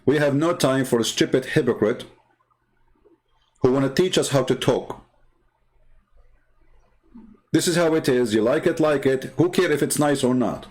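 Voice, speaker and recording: A man's voice: medium pitch, moderate pace, pauses often, a little mellow. A man hosting a livestream, talking in a blunt, sarcastic and scornful way. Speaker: livestream host. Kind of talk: combative livestream commentary.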